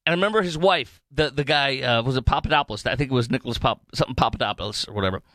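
A man's voice: mid-range voice, racing, fairly bright tone, no room sound. A man hosting a political talk radio show, rambling animatedly with many fillers and restarts.

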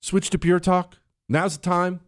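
A man hosting a talk show, telling a story in a punchy, animated way. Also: a little slow, clear, resonant tone. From United States. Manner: animated, wide swings in pitch, punchy delivery. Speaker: radio talk show host. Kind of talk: casual storytelling monologue.

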